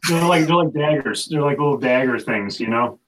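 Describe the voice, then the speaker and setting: A man playing in a tabletop game, excitedly rambling about the gear he wants. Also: medium pitch, fairly quick, a crowd in the background. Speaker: player. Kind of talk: casual tabletop game chat. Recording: distant with clear noise.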